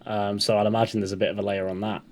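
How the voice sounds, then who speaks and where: A man's voice: lowish voice, little pitch movement, very fast. Man, West Country and Northwest English accent, casual podcast, dry wit. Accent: mixed West Country and Northwest English. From England. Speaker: podcast co-host. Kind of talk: casual chat.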